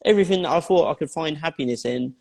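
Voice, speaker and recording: A man's voice: fairly high pitch, fast, vocal fry, darkish tone, breathy edge. Blunt, swearing man in a reverberant room. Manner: blunt, heavy swearing, emphatic repetition. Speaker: interview guest and life coach. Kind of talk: personal storytelling interview. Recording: long hall reverb.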